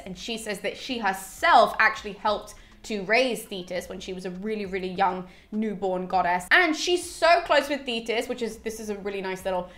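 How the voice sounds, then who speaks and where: A woman's voice: on the high side, fairly bright tone. A woman hosting a YouTube channel, chatting through a classic epic in a casual way with lots of fillers and laughs. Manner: chatty, full of fillers, laughs while talking. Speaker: YouTube host.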